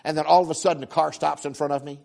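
This preacher, with a slightly high voice, tells homely stories in his sermon, swinging from loud acted-out exclamations to soft asides. He talks very fast in a steady tone with vocal fry, stumbling over repeated words.

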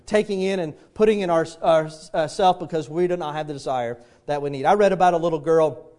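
A man's voice: fairly high pitch, fairly quick, a little mellow. A middle-aged man preaching a sermon, telling homely stories and acting out the voices in them. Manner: folksy storytelling, acts out quoted voices. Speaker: pastor.

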